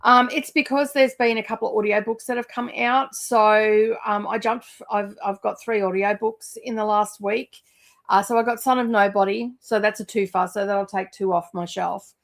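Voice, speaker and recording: A woman's voice: mid-range voice, steady tone, moderate pace. A woman chatting casually about books as a vlogger, rambling with lots of fillers. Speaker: book vlogger. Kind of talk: casual chat.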